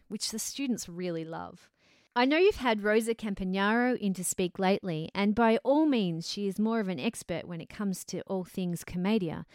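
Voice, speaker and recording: A woman, a drama teacher answering interview questions in a measured, explanatory way. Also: mid-range voice, clear, resonant tone, no room sound, studio quality. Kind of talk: scripted-sounding interview answers.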